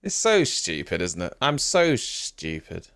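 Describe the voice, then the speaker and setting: Rambling male stream host, lively pitch. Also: clean tone. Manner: rambling, self-mocking, chatty. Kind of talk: casual live reaction commentary.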